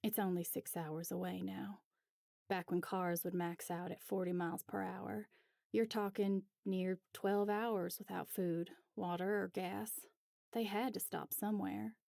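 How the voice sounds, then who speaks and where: Woman doing a folksy middle-aged man, hearty and jokey, slow, gravelly, mellow. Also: mid-range voice, little pitch movement, dry recording, clean studio sound. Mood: nostalgic.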